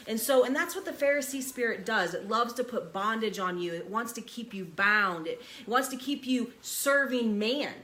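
High, bright-voiced woman teaching Bible. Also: expressive, moderate pace, few pauses, a little hiss or hum. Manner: emphatic, conversational preaching with rhetorical questions.

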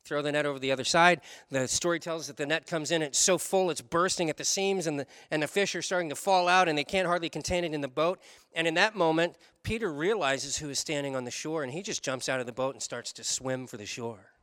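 A man preaching a sermon, telling a story in an animated way, switching between quick runs and slow, stressed words. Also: fairly high pitch, clean tone, no echo, studio quality. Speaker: pastor.

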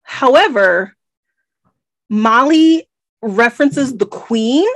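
An American woman co-hosting a casual book podcast, talking in an animated, emphatic way with rambling asides. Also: on the high side, slow, no room sound. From United States. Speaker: podcast co-host. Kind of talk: casual book-club chat.

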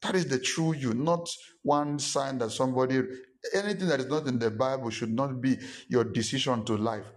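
An emphatic male pastor in the middle of a sermon. He has a voice of ordinary, middle pitch. He repeats his points and slips into quick impressions of his listeners. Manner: emphatic and repetitive, acts out quoted listeners.

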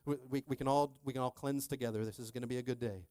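A man preaching a sermon as pastor, telling a personal story animatedly, swinging between hushed and loud, and checking in with the crowd again and again. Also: mid-range voice, expressive, very fast, hardly any pauses, no echo, clean studio sound.

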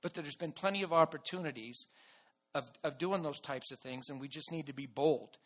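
A man preaching a sermon to his church in an earnest way, with restarts and bursts of loud emphasis. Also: a little high, normal speed. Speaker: pastor.

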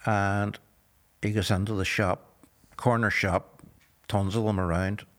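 An older man in his sixties with a Northern Irish accent, telling a story in an interview in a measured, earnest way, often saying "you know". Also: on the low side, little pitch movement, fairly bright tone. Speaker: guest.

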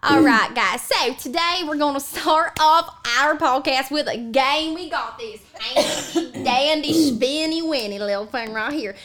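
A woman puts on a sassy old Southern granny who bosses everyone around and snaps at her friend. Her voice sits high, with a teasing bite. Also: unhurried, hardly any pauses, crowd noise. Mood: bossy. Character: mean bossy Southern old grandma. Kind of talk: comedic podcast character bit.

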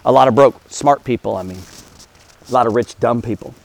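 A man's voice: medium pitch, fairly quick, creaky, a little mellow. A man giving a blunt, profane motivational talk about money, full of rhetorical questions. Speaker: host.

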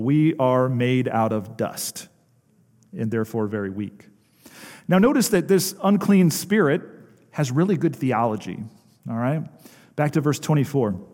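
Male pastor, somewhat high voice, emphatic sermon delivery with rhetorical questions, long church reverb. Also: a little mellow. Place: church sanctuary.

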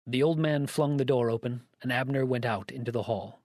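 A man narrating a story aloud in a measured, even reading voice. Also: mid-range voice, no room sound, studio quality. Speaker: audiobook narrator.

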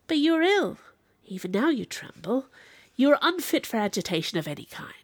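A woman voicing a stern middle-aged female magistrate who speaks in a formal, measured way. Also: sits high, sing-song, no room sound, pitched above the performer's own voice, heavily acted. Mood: grave.

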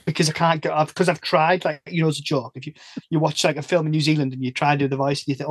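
A British man chatting loosely as a podcast guest. His voice sits a little higher than most men's and is recorded dry and close. He trails off and restarts his sentences, laughing between thoughts. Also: level tone, fast talker, slightly rough, no echo. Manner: rambling, self-interrupting, laughs often. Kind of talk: casual chat.

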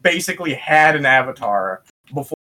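Bright, animated storyteller man. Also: medium pitch, normal speed. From West Michigan, US. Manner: animated, profane, acts out quoted voices. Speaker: podcast guest. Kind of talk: casual storytelling.

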